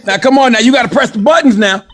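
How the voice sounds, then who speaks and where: A man putting on a rowdy, bragging country man with a loud Southern drawl, hollering and laughing. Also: very high-pitched, fast talker, pitched above the performer's own voice. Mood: pushy.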